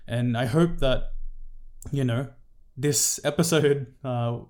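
A man's voice: mid-range voice, takes it slowly, a little mellow. A man hosting a podcast who wraps up the interview in a friendly way, with plenty of ums and likes. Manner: friendly, with filler words. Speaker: podcast host. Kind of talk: casual interview wrap-up.

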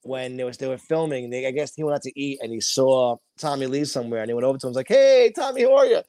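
A man co-hosting a casual chat, talking profanely and acting out quotes in loud, shouted voices. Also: mid-range voice, little pitch movement, rapid-fire, clear, resonant tone, dry recording.

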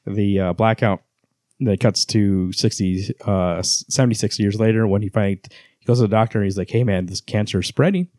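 A man's voice: lowish voice, fairly even intonation, brisk, a little mellow, no room sound, studio quality. A man co-hosting a casual book club podcast, retelling scenes and reading passages aloud with many fillers. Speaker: podcast co-host.

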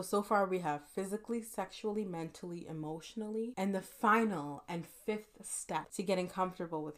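Sassy, joking young woman podcaster. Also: fairly low pitch. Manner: sassy, animated, jokey. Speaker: podcast host. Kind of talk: casual solo podcast monologue.

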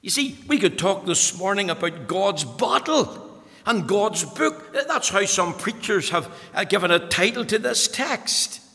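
A man preaching a sermon, reading scripture slowly and building to impassioned emphasis. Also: animated, bright, forceful tone. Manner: rises to impassioned, high-pitched emphasis; slow, deliberate scripture reading in old-fashioned wording. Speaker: pastor. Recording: long hall reverb.

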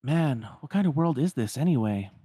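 A man voicing an excited teenage boy hero who calls out eagerly, in a raised voice. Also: fairly high pitch, moderate pace, husky, no echo, clean studio sound, pitched above the performer's own voice.

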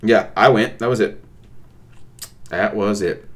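A young man co-hosting a casual podcast with his partner, ranting playfully and getting loudly worked up. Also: lowish voice, unhurried. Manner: playful ranting, animated outbursts. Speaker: podcast co-host. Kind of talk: casual chat.

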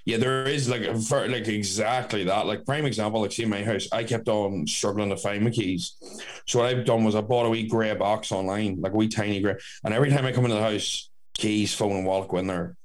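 Young man, low pitch, casual chat, blunt, sweary, restarts a lot. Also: fairly even intonation, brisk. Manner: rambling, self-correcting, blunt and sweary.

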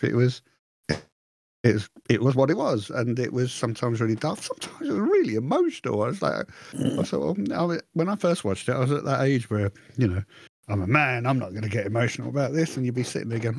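A man co-hosting a podcast, his voice a little husky and breathy. He rambles through his thoughts in casual chat, poking fun at himself and acting out what went through his head. The sound is dry and close. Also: mid-range voice, big pitch swings, brisk, no echo. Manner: rambling, self-mocking, acts out his own thoughts. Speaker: podcast co-host.

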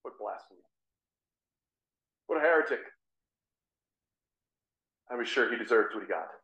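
A man playing the apostle Saul in a first-person dramatic monologue, telling the story earnestly with measured, dramatic pauses. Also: on the low side, animated, sharp tone, highs cut off. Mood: zealous. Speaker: guest speaker. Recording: roomy echo.

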